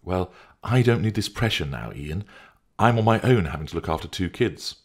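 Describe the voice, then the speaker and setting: A man's voice: low-pitched, expressive, moderate pace, slightly rough, pitched above the performer's own voice, exaggerated voice. A man voicing an irritated, overwhelmed young mother who pushes her lover away, in an audiobook reading. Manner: curt, exasperated, impatient.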